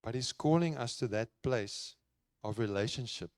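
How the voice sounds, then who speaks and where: Male pastor, mid-pitched, clear resonant voice, earnest conversational sermon delivery. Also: moderate pace, dry recording, studio quality. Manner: earnest, conversational preaching with repeated phrases. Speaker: preacher. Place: church.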